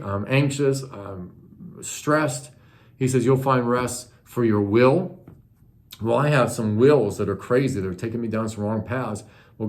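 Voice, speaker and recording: A man's voice: fairly low pitch, darkish tone. A man preaching a sermon in an earnest, conversational teaching manner, asking his listeners questions. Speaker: pastor.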